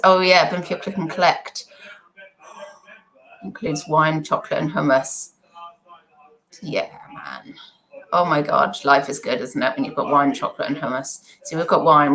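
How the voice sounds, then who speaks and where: Middle-aged woman, slightly low voice, rambling chatty live-stream host talking off the top of her head. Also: fairly bright tone, rough recording. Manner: rambling, self-deprecating stream of consciousness. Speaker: eBay seller livestreaming.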